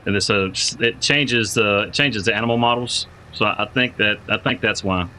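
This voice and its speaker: A man live-streams a farming game, his fairly low voice pushed and bright at a normal pace, with a bit of hiss or hum on a low-quality recording. He chats casually with viewers, greets them by name, and thinks aloud with plenty of repeated words.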